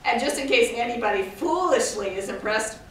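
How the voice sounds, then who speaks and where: A woman's voice: on the high side, lively intonation, fairly quick, a bit bright. Woman talking to a room from far off. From Scotland. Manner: chatty, digressive, self-deprecating. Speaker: guest speaker. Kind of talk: informal talk to an audience. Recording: echoey hall from far off, faint noise.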